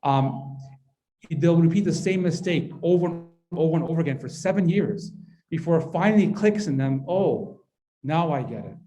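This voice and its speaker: Male workshop presenter, warm mellow tone, conversational and interactive with a live audience. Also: fairly high pitch, normal speed. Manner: conversational, keeps asking the audience "right?". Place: mosque hall, indoors.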